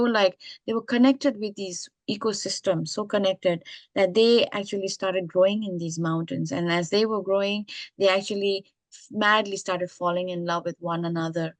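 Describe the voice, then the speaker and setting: A woman from the Eastern Himalaya telling an old folk tale in an unhurried, searching way, full of pauses and fillers. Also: mid-range voice, no echo. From Eastern Himalaya, India. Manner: unhurried, with many fillers and restarts. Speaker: speaker retelling indigenous folk tales. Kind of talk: storytelling talk.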